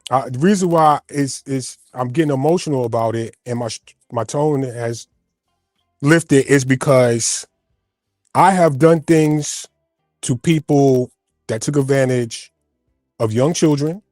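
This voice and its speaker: A man's voice: mid-range voice, measured pace, darkish tone, no room sound, clean studio sound, soft background music. A man speaking as a guest in a heated panel debate, emotional and stammering, repeating himself.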